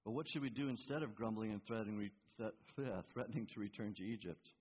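A pastor preaches a sermon in a church hall, earnest and prone to stammering, repeating words as he drives his point home. His voice is fairly low, fast, and breathy at the edges. The recording is reverberant and muffled, typical of a hall.

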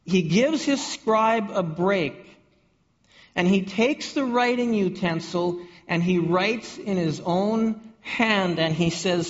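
A man's voice: high-pitched, slow pace. A man preaching a sermon to his congregation, often repeating and restarting words and asking the room questions. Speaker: pastor. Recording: dull audio with long hall reverb.

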